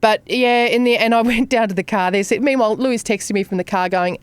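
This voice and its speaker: A middle-aged woman, a podcast co-host telling an animated story, swearing and acting out the voices of others. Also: on the high side, fairly quick, clear, resonant tone, no room sound. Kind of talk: casual chat.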